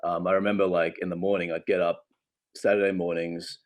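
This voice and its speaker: A man in his thirties from Australia, an actor chatting casually in an interview from home, animated, laughing often and restarting sentences. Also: sits low, brisk. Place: home with a loft.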